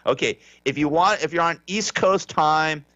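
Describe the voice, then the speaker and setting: A man's voice: on the high side, normal speed, pushed and bright, no room sound, muffled recording. A man hosting a talk radio show, rambling through the day's stories in an offhand, sarcastic way with many restarts. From Southern California. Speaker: radio host. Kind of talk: casual talk radio monologue.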